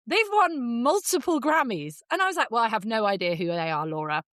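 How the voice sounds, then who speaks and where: A woman with an English accent, co-hosting a podcast and telling a story in casual, lively chat, jumping into high voices for quotes. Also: fairly quick, no room sound. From England. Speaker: podcast co-host.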